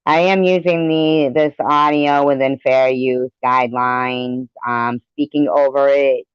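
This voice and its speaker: A woman commenting over a video clip with slow, sarcastic and scornful remarks, on slightly dull audio. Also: a bass voice, clear, resonant tone, no room sound. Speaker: commentary channel host.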